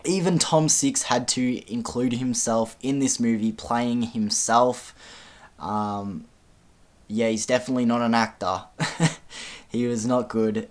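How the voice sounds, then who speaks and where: A man giving a casual film review, speaking frankly with frequent ums and casual swearing. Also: medium pitch.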